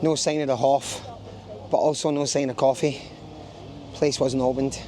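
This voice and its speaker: A man's voice: medium pitch, little pitch movement, normal speed, background noise. A man with a Scottish accent vlogging casually outdoors in a small town, chatty and jokey, rambling as he walks. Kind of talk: casual travel vlog to camera.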